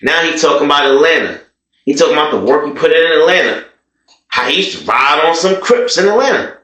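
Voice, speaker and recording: A man's voice: a little high, lively intonation, a little fast, sharp tone, highs cut off. A man narrating a story casually in slang, often calling his listeners y'all. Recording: echoey room.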